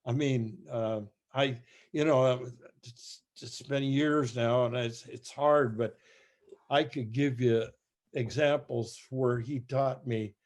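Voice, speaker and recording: An older man telling stories as a guest musician, halting and rambling with many restarts. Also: mid-range voice, steady tone, darkish tone. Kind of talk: casual storytelling.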